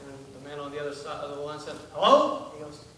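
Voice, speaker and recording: A man's voice: fairly high pitch, completely flat delivery, very fast. A young man, preaching as a visiting missionary in a folksy, self-deprecating way, with many fillers and restarts. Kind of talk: sermon with casual asides. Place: church sanctuary. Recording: echoey church from far off, noisy.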